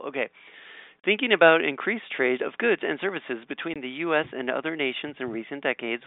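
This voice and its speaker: A man with a gravelly, fry-edged voice reads out quiz questions and mulls over his answers in a casual chat. He hesitates often, with ums and restarts. The sound is tinny and phone-like. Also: mid-range voice, no room sound. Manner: thinks aloud with many ums and restarts. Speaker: quiz taker reading questions aloud.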